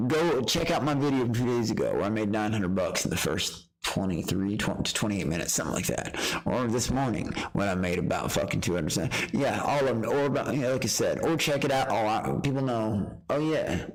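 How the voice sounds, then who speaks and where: Brash low-voiced male streamer. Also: animated, brisk, rough recording. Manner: boastful, profane trash talk; rambling with restarts. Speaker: livestreamer. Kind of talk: rambling livestream rant.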